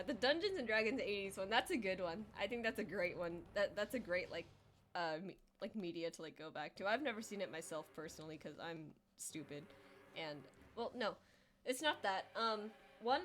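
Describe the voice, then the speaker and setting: A woman's voice: medium pitch, moderate pace, fairly bright tone, slight background noise. Rambling young woman streamer, self-deprecating. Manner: rambling and self-deprecating, heavy filler words; acts out quoted voices in exaggerated tones. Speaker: livestreamer. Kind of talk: casual chat while drawing on stream.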